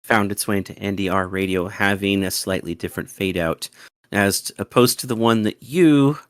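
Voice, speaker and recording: A man hosting a fan Q&A, reading questions aloud, eager and excitable, sometimes stumbling over words. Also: lowish voice, normal speed, no room sound, clean studio sound. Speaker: fan club host. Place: home studio.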